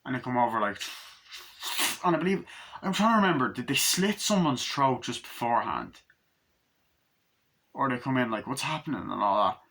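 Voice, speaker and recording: A man talks through a movie review in a loose, rambling way, excitable and full of swearing. His voice is bright and forward. It sits at an ordinary middle pitch for a man. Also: moderate pace, pauses often. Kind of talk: casual spoken movie review.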